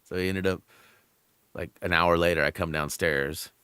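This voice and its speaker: A deep, clear, resonant voice belongs to a middle-aged man who hosts a gaming channel and talks at normal speed. There's no room sound in the recording. Casual and lively, he narrates stories over gameplay, acting out quotes and often breaking into laughter.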